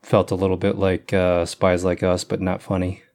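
A fairly low-voiced man shares a careful, halting take on a film during a podcast chat. He pauses and hedges as he goes. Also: monotone, gravelly, darkish tone. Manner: hesitant, measured opinions. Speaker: podcast co-host. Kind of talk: casual movie-review chat.

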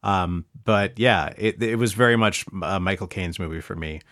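A man's voice: sits low, normal speed, a bit bright, dry recording, studio quality. A man hosting a casual movie podcast who agrees readily and passes the discussion to others. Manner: easygoing, affirming, steers the talk. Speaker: podcast host. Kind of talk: casual movie-review chat.

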